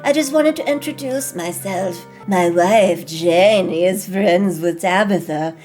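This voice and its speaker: Woman doing a creepy male pastor: slow, hushed, unsettling. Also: lowish voice, soft background music, natural voice.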